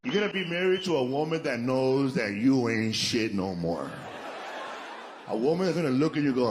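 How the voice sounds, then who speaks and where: A man telling stand-up jokes with a mid-range voice. He sets them up flatly and lands crude punchlines. The stage recording carries clear background noise. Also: mid-range voice, moderate pace. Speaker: stand-up comedian.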